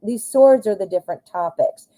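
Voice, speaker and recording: A married American woman in adulthood hosts a live tarot reading, her mid-range voice warm and lively at normal speed, captured on a rough recording. She rambles and thinks aloud through many fillers, veering into tangents with self-mocking humor.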